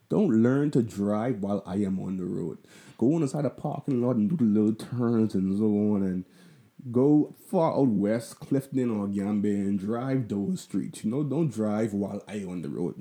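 A young Bahamian vlogger with a Bahamian accent tells a story in a casual, profane, rambling style, loose and conversational and full of asides. His voice is lowish and warm.

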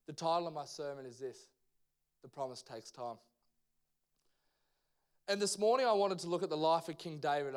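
A young Australian man preaching in church, loose and slangy, full of energy as he tells a story. His voice sits a little high for a man and sounds smooth and resonant. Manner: casual, slangy and animated. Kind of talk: sermon with personal storytelling. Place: church service.

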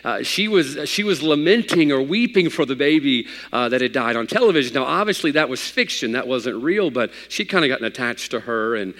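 A man's voice: medium pitch, expressive, fairly quick, hardly any pauses, fairly bright tone. Male pastor, folksy storyteller who builds to fervent preaching; church hall with long reverb. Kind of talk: sermon.

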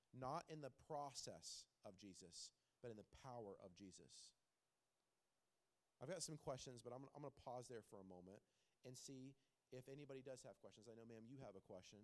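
A man leading a small-group bible study as pastor, earnest and repeating words for emphasis, often dropping to a hushed tone. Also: mid-range voice. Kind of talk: teaching a bible study with questions.

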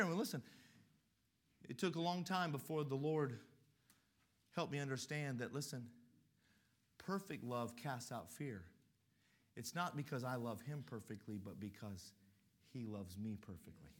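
A middle-aged man preaching with a high, bright voice. He tells stories in an animated way, swelling up for emphasis. His delivery is lively and forceful. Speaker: pastor. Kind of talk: sermon.

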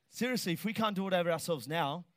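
High-voiced preacher, dry close sound. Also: male voice, moderate pace, dry recording. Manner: animated, shouts for emphasis, jokes with the crowd. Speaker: pastor. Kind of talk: lively sermon.

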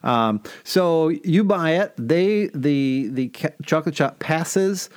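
Relaxed man recounting local history. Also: a little high, slow pace, clear, resonant tone. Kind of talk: casual conversation.

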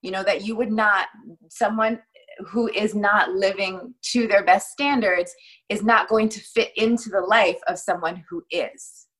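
A woman's voice: medium pitch, steady tone, measured pace, a bit bright, rough recording. A woman guest on a panel show, giving long, earnest advice in a casual discussion.

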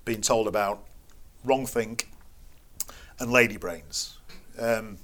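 A man's voice: fairly low pitch, slow, a bit bright. A middle-aged man, animatedly telling a story in conversation and acting out what others said. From Britain. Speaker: guest. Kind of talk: conversational anecdote.

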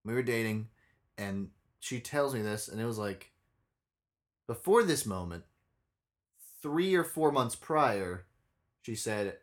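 This young co-host of a casual podcast spins an animated, blunt story full of swearing. His voice sits lowish and runs a little slow, with long pauses.

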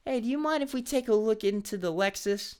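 A man voicing an eager teenage boy detective in a read-aloud story, raising his voice high. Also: a little fast, a little mellow, clean tone, natural voice.

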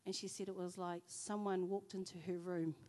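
Telling personal stories in an animated, filler-laden way, a woman delivers a chatty church sermon. She speaks at normal speed with a fairly low-pitched voice, and the recording has hall reverb.

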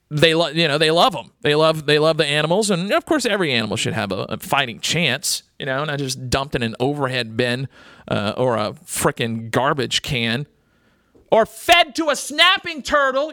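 A man's voice: a little high, pushed and bright, dry recording, clean studio sound. Blunt, rambling male radio host. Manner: rambling, blunt and crude, with many fillers. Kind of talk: casual radio talk.

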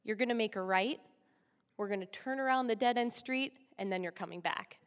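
A woman voicing her panicked, swearing mother who shouts orders at a new driver. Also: medium pitch, brisk, natural voice. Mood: nervous instructing. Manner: shrieking, profane orders. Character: panicked, swearing Catholic mother teaching driving. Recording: long hall reverb.

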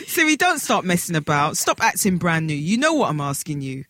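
A woman, co-hosting a podcast and telling a story in a casual, animated way with frequent laughter. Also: low-pitched, a little fast. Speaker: podcast co-host. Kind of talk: casual chat.

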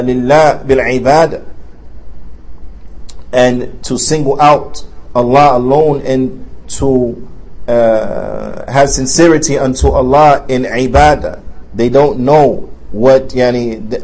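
Male mosque teacher, mid-pitched voice, earnest and emphatic, moves between Arabic readings and English explanation. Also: darkish tone, low-quality recording. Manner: reads Arabic passages, then explains them in English with fillers and restarts. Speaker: Islamic studies teacher. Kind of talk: religious class, reading Arabic text and translating. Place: mosque classroom.

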